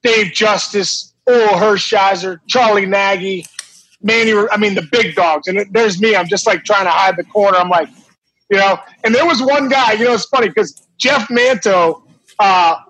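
A middle-aged man, a former ballplayer, telling a lively anecdote in a casual, animated way with many restarts. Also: sits high, normal speed, dry recording, poor audio. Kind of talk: casual storytelling.

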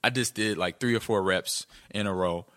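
Bright-voiced man telling lively stories. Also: moderate pace, dry recording, clean studio sound. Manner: animated, acts out quotes with jumps in pitch. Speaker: podcast co-host, former football player. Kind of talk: casual storytelling chat.

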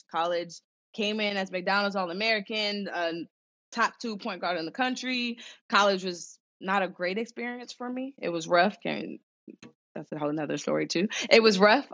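A woman's voice: medium pitch, fairly bright tone. A young woman from Southern California, a former pro basketball player, telling her story in a casual interview, acting out quoted voices between many fillers. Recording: dull lo-fi sound.

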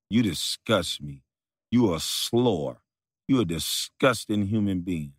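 A man's voice: sits low, animated, slow, slightly rough, dry recording, clean studio sound. A man who makes videos, delivering a mocking, profane rant at a rival, repeating taunts and breaking into laughter. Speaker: video creator.

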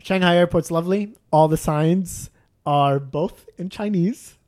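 A man's voice: high voice, unhurried, darkish tone. A man in casual chat telling a long travel story, rambling with restarts and self-deprecating jokes.

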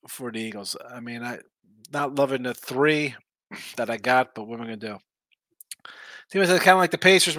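Tired, rambling man with a bright, dry voice. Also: medium pitch, dry recording. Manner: laid-back, rambling, slangy, reads chat aloud. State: tired, yawning, injured arm. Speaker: sports betting show host. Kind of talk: casual live-stream chat reading viewer comments.

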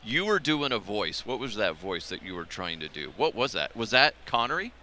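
A man's voice: fairly low pitch, very animated, normal speed, bright, forceful tone, a little hiss or hum. A man hosting a podcast in casual chat, loose and profane, laughing at his own jokes. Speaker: podcast host. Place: convention radio row.

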